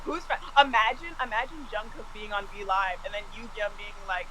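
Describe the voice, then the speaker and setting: A woman co-hosting a casual chat show, excitable and filling her talk with "like". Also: mid-range voice, fairly quick, hardly any pauses, poor audio. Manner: excitable, heavy use of "like". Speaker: podcast co-host.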